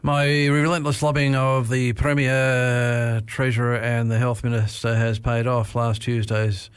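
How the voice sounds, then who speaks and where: A man hosts a community radio reading program in a mid-pitched voice, hesitating often with small fillers. His voice is captured close and dry in a quiet studio. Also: flat delivery, unhurried, smooth, no echo. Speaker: radio presenter. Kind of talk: hosting a talking newspaper program.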